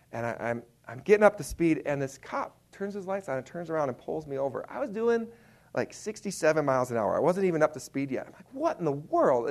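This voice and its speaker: A man telling a humorous story in a sermon as a preacher, animated and self-deprecating, acting out his own reactions. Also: medium pitch.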